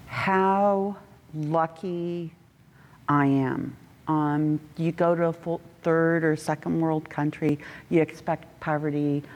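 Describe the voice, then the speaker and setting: A middle-aged woman telling animated stories about a mission trip, breaking into acted voices, in a church hall. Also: slow, a little hiss or hum. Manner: animated, laughing, acts out quotes with big pitch jumps. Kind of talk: casual storytelling. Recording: reverberant hall.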